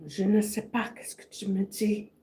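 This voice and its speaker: A woman's voice: mid-range voice, flat delivery, normal speed, mellow, a little hiss or hum, poor audio. A middle-aged woman hosting a casual eating livestream at home, rambling and chatting to her viewers between bites. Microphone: camera on a stand.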